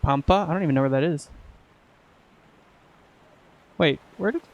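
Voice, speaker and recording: A man's voice: on the high side, moderate pace, highs cut off. A young man from Texas chatting casually and joking with profanity while playing a game. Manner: joking, profane, laid-back. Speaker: gaming streamer. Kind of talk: casual chat while gaming.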